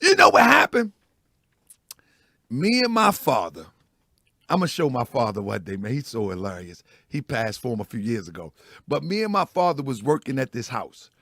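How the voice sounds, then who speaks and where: A man with a raspy voice hosting a casual morning show, telling stories loudly and laughing as he goes. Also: medium pitch, normal speed, no room sound, studio quality. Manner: loud, animated storytelling with laughs. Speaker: host.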